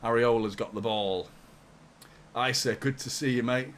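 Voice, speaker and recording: A man's voice: medium pitch, steady tone, moderate pace, fairly bright tone, slight background noise. A young man hosting a live football watchalong, chatting casually, swearing and reading out viewer messages. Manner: chatty, swears a lot, reads out super chats. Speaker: fan channel host doing a live watchalong. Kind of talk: live match watchalong commentary.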